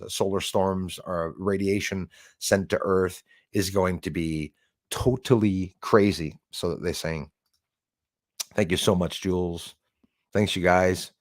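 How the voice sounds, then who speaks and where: A man's voice: low voice, no room sound, clean studio sound. A man hosting a live stream in a casual way. He rambles emphatically, with many fillers, and reads out chat comments.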